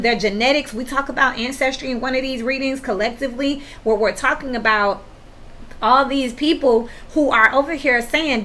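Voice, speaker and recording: Woman, tarot reader, casual reading, blunt and profane, bright forceful voice, faint background noise. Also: fairly high pitch. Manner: blunt, profane and worked-up, with sudden laughs; talks straight to the viewer, slangy and emphatic.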